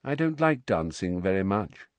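A man's voice: sits low, big pitch swings, normal speed, no echo. A man doing a vague, dreamy schoolgirl. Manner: vague, soft and matter-of-fact. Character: dreamy, odd teenage schoolgirl.

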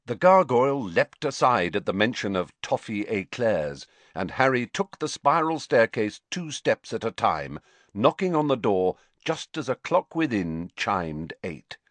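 A man narrating a novel as an audiobook, in an expressive storytelling manner. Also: on the low side, unhurried, no echo. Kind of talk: scripted narration.

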